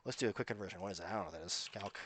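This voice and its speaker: A man's voice: deep voice, very fast, a bit bright, a little hiss or hum. A man talking to his viewers in a casual, rambling monologue, emphatic and full of asides. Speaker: vlogger.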